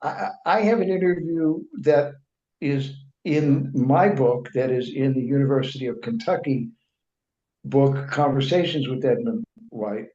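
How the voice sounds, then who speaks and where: A man who writes and reports speaks at a measured pace in a warm, medium-pitched voice as an interview guest. He tells long stories with frequent restarts and fillers, acting out others' remarks in quoted speech, recorded in an echoey room with dull lo-fi sound.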